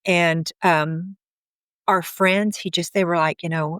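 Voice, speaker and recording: Candid woman in her fifties, low voice. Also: fairly even intonation, takes it slowly, a bit bright, clean tone, dry recording, studio quality. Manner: candid, outspoken, laughs now and then while telling. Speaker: interview guest. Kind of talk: personal storytelling.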